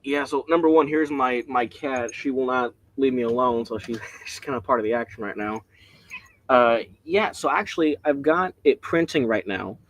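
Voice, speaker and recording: A man leading a casual Bible study, rambling and excitable, often breaking off mid-sentence, speaking from home. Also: mid-range voice, moderate pace. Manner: rambling, excitable, self-interrupting.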